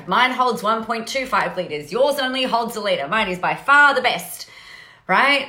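A woman's voice: medium pitch, a bit bright. A woman podcast host giving a casual motivational monologue, chatty, often adding "right?", restarting phrases and swearing casually. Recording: roomy echo.

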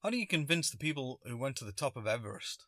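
A man's voice: medium pitch, big pitch swings, quick pace, pushed and bright, dry recording, studio quality. A man talking alone in a rambling, sarcastic way, often stopping himself mid-thought. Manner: rambling, sarcastic, self-interrupting. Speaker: vlogger. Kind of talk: casual solo monologue.

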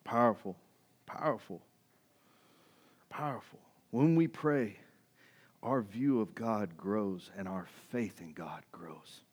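Slow and husky, this pastor's sermon climbs from quiet, intense stretches to loud, high-pitched fervor. He keeps asking the congregation "right?" and mimics the voices of doubters he quotes.

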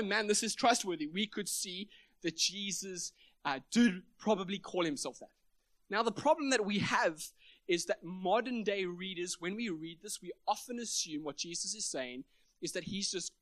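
A man's voice: high voice, fairly bright tone, dry recording. A man preaching a sermon at a church meeting, emphatic and building up to big points.

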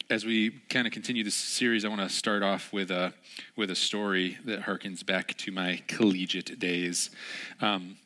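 A young adult man, a pastor, opening a church sermon with a lively personal story and acting out the voices. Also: fairly low pitch. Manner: animated storyteller, acts out voices.

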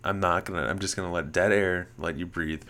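A man's voice: sits low, steady tone, brisk, fairly bright tone. A man hosting a casual sports podcast, teasing his co-host and laughing at him.

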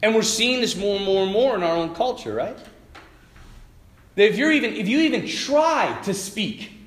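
An animated man speaks to a group about faith. He tells stories and slips into the voices of the people in them. His voice sits high and moves widely in pitch, and the room gives it a clear echo. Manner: animated storytelling, acting out quoted voices. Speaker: Catholic speaker. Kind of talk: lively faith talk to a group.

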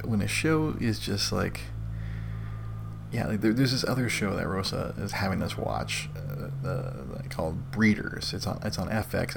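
A man's voice: sits low, creaky, noisy background. A young adult man hosting a live stream, chatting casually in a rambling, profane way with many restarts. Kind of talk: casual chat.

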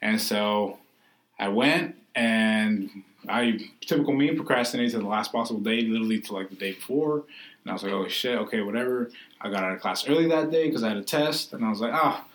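A man's voice: fairly low pitch, fairly quick, a bit bright, low-quality recording. A young man casually telling a rambling, self-deprecating story to friends, swearing freely.

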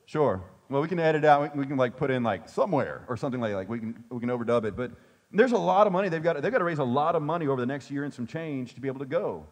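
A man's voice: mid-range voice, lively intonation, very fast. A male pastor preaching a sermon in a conversational way, with joking asides to his congregation.

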